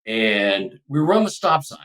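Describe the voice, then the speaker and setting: A man's voice: on the low side, a little slow. Older Texan man, slightly distant mic. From Texas. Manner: emotional, animated storyteller with rambling asides. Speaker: podcast guest. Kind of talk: casual storytelling.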